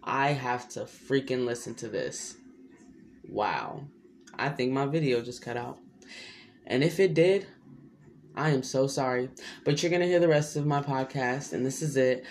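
Young male podcaster, rambly slangy solo chat, average pitch, jumpy delivery. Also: measured pace, long pauses. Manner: rambling, loose and slangy, with sudden pitch jumps. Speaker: podcast host.

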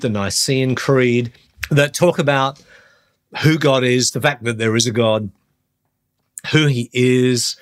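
Middle-aged man, earnest Bible teaching, measured delivery, even mid-range voice. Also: medium pitch. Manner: earnest, slows down on key phrases. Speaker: podcast host, Christian teacher.

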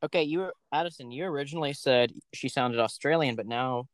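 A woman's voice: a bass voice, fairly quick, no room sound. A woman co-hosting a casual podcast, joking and teasing the others. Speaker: podcast co-host. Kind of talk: casual chat.

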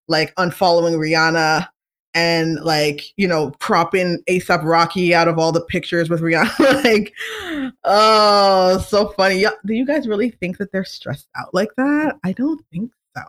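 A woman hosting a casual talk show, chatting in an animated, opinionated way with many fillers and asides. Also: lowish voice. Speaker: podcast host. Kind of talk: casual chat.

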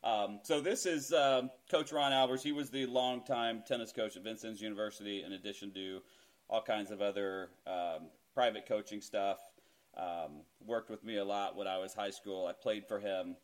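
A man's voice: lowish voice, steady tone, moderate pace. A middle-aged man hosting a casual podcast, chatty and self-deprecating, laughing easily as he talks. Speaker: podcast host.

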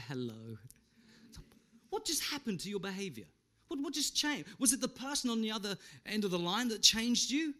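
A middle-aged man preaching a sermon, animated, asking the listeners questions and slipping in jokes. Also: high voice. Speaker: pastor.

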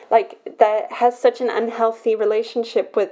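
A young woman on her own podcast, talking through something personal in an emotional, halting way, full of restarts. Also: fairly high pitch, little pitch movement, dark tone. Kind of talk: personal confessional talk.

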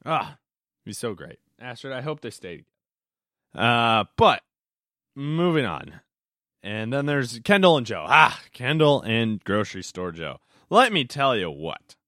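Young man, podcast host, chatty and rambling, lively up-and-down pitch, dry close sound. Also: unhurried, dry recording. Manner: rambling, chatty, hesitant with fillers and self-corrections. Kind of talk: casual solo podcast chat.

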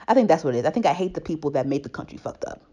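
A woman's voice: deep voice, animated, rapid-fire, mellow. Rambling, heated young woman in casual chat. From family from Tobago. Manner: rambling, many restarts, growing more heated.

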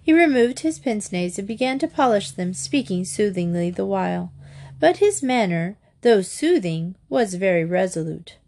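A woman reads a comic novel aloud in a wry, expressive way. Her medium pitch moves with a lively, animated range. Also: moderate pace, vocal fry. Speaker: narrator. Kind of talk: audiobook narration of a comic novel.

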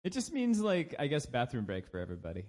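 On this casual podcast, the U.S. co-host talks fast with a medium, slightly mellow voice whose pitch swoops wildly. He's full of jokes, puts on goofy voices, and keeps laughing.

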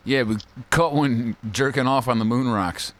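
A man co-hosting a podcast, trading crude jokes and quick comebacks in casual chat. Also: medium pitch. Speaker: podcast co-host.

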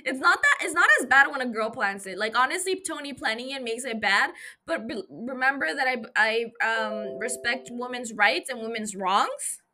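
Young woman podcaster, high bright voice, swears a lot, rambly jokey recap into her mic. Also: normal speed. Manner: chatty, profane, jokey, self-interrupting. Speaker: podcast host. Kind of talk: casual episode recap chat.

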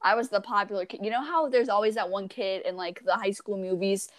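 A teenage girl chatting casually, telling animated stories, acting out voices and giggling often. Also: mid-range voice, brisk, dry recording. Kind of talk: casual chat.

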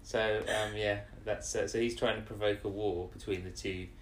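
A woman's voice: extremely low pitch, fairly even intonation, moderate pace, slight background noise. Casual woman recapping, echoey room. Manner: rambling recap with brief put-on quoted voices. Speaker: podcast co-host recapping an episode. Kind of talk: casual chat.

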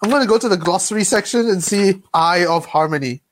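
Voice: medium pitch, a little fast. A co-host in a casual film reaction chat, asking curious questions and making wry remarks.

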